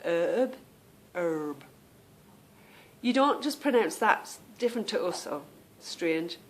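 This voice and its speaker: A woman's voice: fairly high pitch, expressive, normal speed. A woman from England with a British accent, hosting a podcast in a chatty, meandering way that often trails off. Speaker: podcast host. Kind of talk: casual chat.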